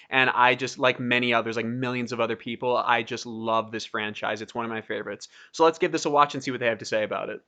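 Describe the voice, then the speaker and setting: A man's voice: mid-range voice, sharp tone, highs cut off. A man hosting a reaction video, talking casually and gushing like an eager fan.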